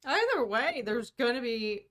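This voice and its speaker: A woman's voice: on the high side, very animated, a little slow, fairly bright tone. Chatty self-deprecating woman co-host. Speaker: co-host of a fan podcast livestream. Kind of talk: casual chat.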